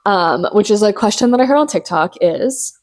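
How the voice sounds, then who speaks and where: A young woman hosting a casual solo podcast, talking in animated, profane, self-mocking bursts while hyped up on caffeine. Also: mid-range voice, moderate pace. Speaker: podcast host.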